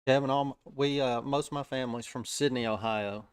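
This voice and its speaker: Easygoing Southern-accented male stream host, mid-pitched, smooth and dry, casual market chatter. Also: fairly even intonation, brisk, dry recording. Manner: easygoing, chatty, frequent "uh" fillers. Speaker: day-trading live-stream host.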